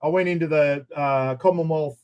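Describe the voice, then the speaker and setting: A man with an Australian accent hosting a casual charity live stream, rambling through matey shout-outs to viewers. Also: a little high, fairly even intonation, normal speed, smooth, lo-fi sound.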